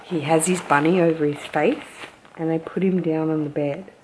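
A woman's voice: deep voice, steady tone, moderate pace, slight background noise. A young Australian woman, a new mum, chatting casually and rambling to camera at home. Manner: chatty and rambling, hushed at times. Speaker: vlogger. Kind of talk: casual vlog chat.

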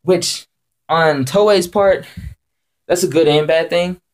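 Excitable rambling man ranting. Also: takes it slowly. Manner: excitable and rambling, repeats himself often; jumps high in pitch when excited. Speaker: anime reviewer. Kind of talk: casual rant video review.

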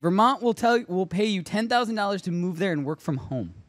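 Lively, laughing male podcast host. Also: sits high, brisk, no echo. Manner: laughs often, animated storytelling. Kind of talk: casual chat.

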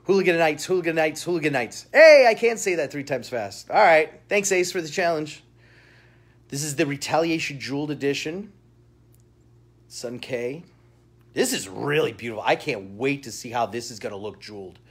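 A man hosts a live comic-shop sales stream, chatting warmly with his viewers. He talks at an easy, conversational pitch, upbeat, and breaks into laughter often. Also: animated, moderate pace, slightly rough. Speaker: shopping show host. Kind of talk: live-stream product showcase.

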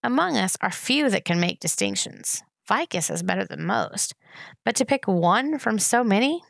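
A woman voicing a kind, thoughtful man who speaks in calm, old-fashioned formal phrasing, in a storybook reading. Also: mid-range voice, moderate pace, creaky, no room sound, studio quality.

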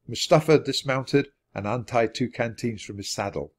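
A man reading a children's chapter book aloud at a steady, natural pace. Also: medium pitch, moderate pace. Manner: steady, clear read-aloud pacing. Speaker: storybook reader. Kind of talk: children's storybook narration.

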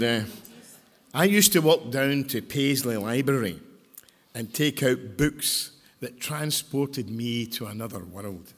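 A man's voice: medium pitch, fairly bright tone. An older man with a Scottish accent, talking to a congregation in a chatty, joking way and asking the audience questions. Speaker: speaker at a church service. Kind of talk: storytelling talk to a congregation. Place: large church hall. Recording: hall reverb.

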